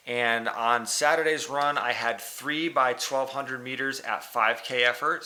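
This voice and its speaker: A man's voice: medium pitch, pushed and bright. A man casually recapping his week of triathlon training in a rambling vlog style, full of fillers and self-corrections. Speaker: vlogger.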